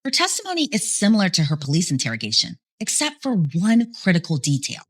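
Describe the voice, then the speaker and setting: A woman giving scripted true-crime narration in a steady storytelling manner. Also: fairly low pitch, fast talker, breathy edge.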